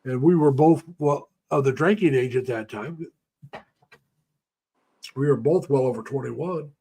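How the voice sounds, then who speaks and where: An older man from the United States chats on his live stream in a mid-pitched, ordinary voice. He rambles through folksy memories with plenty of fillers and stops to greet viewers by name. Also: darkish tone, breathy edge. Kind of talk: casual live-stream chat.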